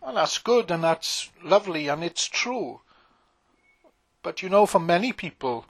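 Slow, high-voiced preaching man. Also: lively intonation, dry recording. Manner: earnest, emphatic preaching with frequent fillers and pauses. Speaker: pastor. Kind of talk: sermon.

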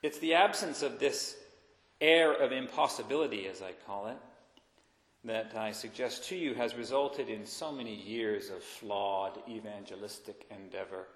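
A man preaching a sermon to his congregation in an earnest way, swelling for emphasis and then dropping to quiet asides. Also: mid-range voice. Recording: echoey hall, roomy reverb.

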